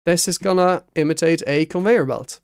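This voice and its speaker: A man's voice: a little high, normal speed, clear, resonant tone, dry recording, clean studio sound. A man streaming a building game, talking to himself and humming little sound effects as he works. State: hiccuping. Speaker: Minecraft streamer. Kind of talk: casual gameplay commentary.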